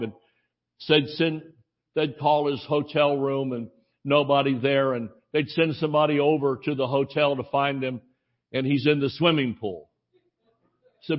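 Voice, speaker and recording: A man's voice: medium pitch, lo-fi sound. A male preacher telling a rambling anecdote in a sermon, acting out the voices of the people he quotes. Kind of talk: sermon storytelling.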